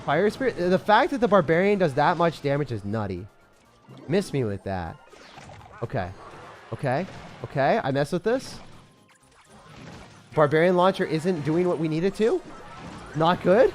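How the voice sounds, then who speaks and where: A man giving excited, self-mocking commentary over his own gameplay, full of gamer slang, swinging from hype to groans. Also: a little high, a little fast, long pauses, soft background music. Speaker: gaming creator.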